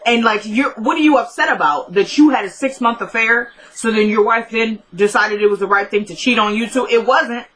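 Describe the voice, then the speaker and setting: A woman with a bright, forward voice recaps a TV episode in a loose, chatty way. She is opinionated and keeps breaking off into quick asides and jokes, as if talking straight to her regular viewers. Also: fairly high pitch, poor audio. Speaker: TV episode reviewer. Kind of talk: casual episode recap with commentary.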